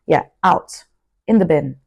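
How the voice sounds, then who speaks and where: A young woman giving an outspoken, animated motivational talk to camera, full of asides. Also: low-pitched, unhurried, breathy edge. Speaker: vlogger. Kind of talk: casual motivational monologue to camera.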